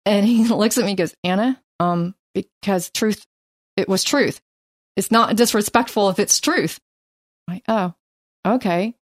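A middle-aged woman leading a casual Bible study chat, telling lively stories about her husband and reading scripture slowly. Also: mid-range voice, dry recording, clean studio sound. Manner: animated storyteller, reads scripture slowly.

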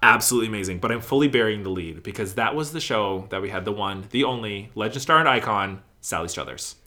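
A man talking casually in an interview about his work in theater company management, animated and gushing, acting out what people said. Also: on the low side, fast. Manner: animated, gushing storyteller who acts out quotes.

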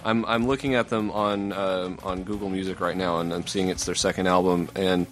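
A man co-hosting a casual podcast, talking in a rambling way with halting restarts. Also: deep voice, level tone, slight background noise. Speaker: podcast co-host.

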